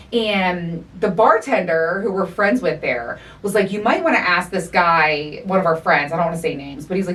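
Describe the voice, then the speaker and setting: A middle-aged woman hosting a podcast, telling a story in animated, profane casual chat and acting out the quotes. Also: fairly low pitch, recorded from a distance. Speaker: podcast host.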